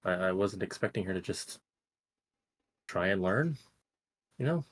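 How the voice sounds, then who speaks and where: A man's voice: low voice, animated, measured pace, slightly rough. Hesitant male tabletop player. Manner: hesitant, self-effacing.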